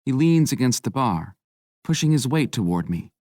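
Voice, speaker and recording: A man narrating a romance audiobook in a low, intimate, measured voice. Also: big pitch swings, a little mellow, no echo. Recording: dry close studio mic.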